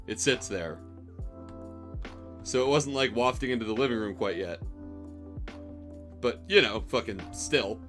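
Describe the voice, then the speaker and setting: A man's voice: mid-range voice, expressive, a little slow, pauses often, a bit bright, faint music behind. A young man telling a rambling, profanity-laced story about a bad job, exasperated and wry. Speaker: streamer telling stories. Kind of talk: casual storytelling.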